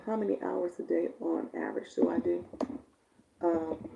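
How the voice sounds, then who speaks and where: A woman live-stream coach with a raspy voice, chatting casually with viewers and reading their comments. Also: on the low side, sing-song, fairly quick, lo-fi sound, heavy background noise. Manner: chatty, warm-toned, laughs often, answers viewers by name.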